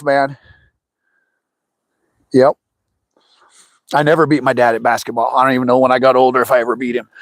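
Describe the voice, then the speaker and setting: A middle-aged man with a mid-range voice hosts a fishing livestream, casually telling rambling anecdotes and putting on lively voices for quotes. The recording has no room sound.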